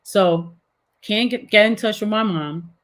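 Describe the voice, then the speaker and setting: A woman's voice: medium pitch, unhurried. Middle-aged woman telling a story animatedly. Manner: animated, filler-heavy retelling. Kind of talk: casual storytelling.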